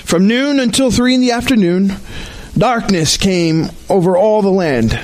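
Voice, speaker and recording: A man with a notably high voice leads worship as pastor at an outdoor service. He reads the scripture slowly and solemnly, giving each phrase careful weight. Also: lively intonation, darkish tone, low-quality recording. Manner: slow, measured, solemn reading. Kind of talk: liturgical scripture reading.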